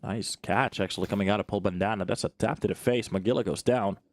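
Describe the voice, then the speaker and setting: A man's voice: lowish voice, quick pace, dry recording. Man casting a live match. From Finland. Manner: chatty, jokey, talks to viewers between calls. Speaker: esports commentator. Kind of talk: live game commentary.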